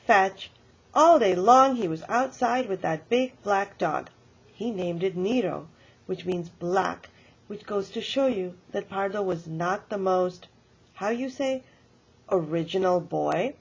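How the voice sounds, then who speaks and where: A woman voicing an elderly grandmother who tells a story about her own stubborn childhood in a lively, emphatic way. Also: medium pitch, breathy edge, lo-fi sound, heavily acted.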